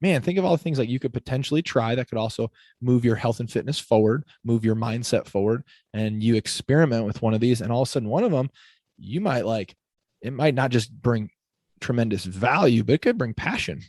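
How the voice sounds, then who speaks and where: A fitness coach from Illinois chats with eager, rambling energy on a podcast, sprinkling "like" everywhere and laughing easily. His voice sits at an ordinary pitch for a man. The sound is dry and close, with no room around it. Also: a little fast, no room sound. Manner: energetic, enthusiastic, heavy use of "like", laughs often. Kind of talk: casual podcast conversation.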